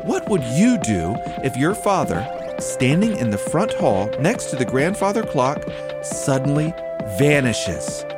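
A man's voice: medium pitch, very animated, unhurried, loud music behind the voice. A man delivering a dramatic audiobook promo introduction. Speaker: audiobook announcer. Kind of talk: promo narration.

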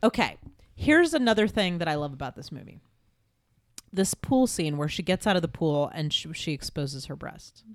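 A woman hosting a casual podcast chat, leading the talk in a quick, animated way. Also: deep voice, dry recording, clean studio sound. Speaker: podcast host.

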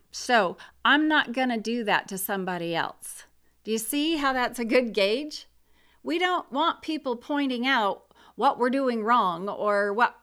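A woman's voice: fairly high pitch, a bit bright, clean tone. A middle-aged woman talking casually and bluntly about grief and support, frank and opinionated.

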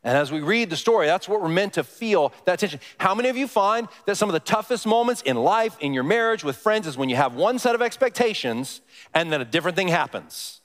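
Male pastor, high-ish voice, conversational sermon, long church reverb. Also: expressive, brisk, fairly bright tone. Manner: conversational, asks the congregation questions.

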